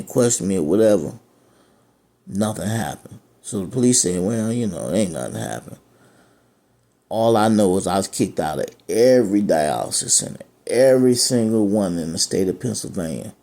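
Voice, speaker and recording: A man's voice: fairly low pitch, creaky, dark tone. A man, a dialysis patient, telling his own story of being turned away from care, rambling and repeating himself, frustrated and aggrieved. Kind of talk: personal testimony.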